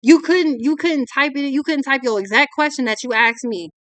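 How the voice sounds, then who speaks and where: Woman, young adult, ranting tarot reading, blunt and profane, fairly high voice. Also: fairly quick, sharp tone, dry recording. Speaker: tarot reader.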